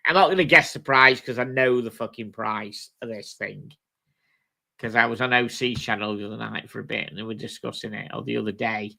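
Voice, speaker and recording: A man's voice: mid-range voice, brisk, creaky, pushed and bright. A British man hosting a live stream, chatting casually with viewers in a blunt, sweary way. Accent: British English. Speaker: livestream host. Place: home streaming setup.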